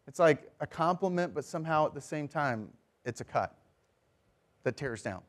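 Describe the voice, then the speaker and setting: Lively preaching man, fairly high voice. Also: fairly quick. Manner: lively, mimics passive-aggressive remarks in a high voice. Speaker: pastor. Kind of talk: sermon.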